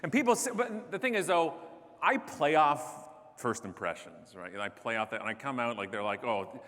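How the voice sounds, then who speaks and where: Animated man joking on a stage. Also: mid-range voice, moderate pace. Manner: animated, joking, self-deprecating. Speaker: keynote speaker. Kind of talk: comedic keynote speech. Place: large conference stage. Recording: echoey hall.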